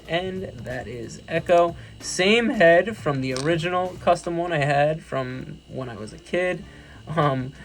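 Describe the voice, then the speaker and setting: A young man with a New York accent casually reviewing his toy collection, enthusiastic and rambling, often correcting himself. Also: a little high.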